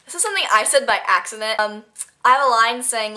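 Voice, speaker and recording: A teenage girl chats to her camera without a script, telling one story after another. Her voice sits a little high and sounds bright and forward. She rambles, laughs easily and keeps it casual. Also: lively intonation, fast. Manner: chatty, giggly, rambling storytelling. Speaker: vlogger. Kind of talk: casual unscripted vlog chat.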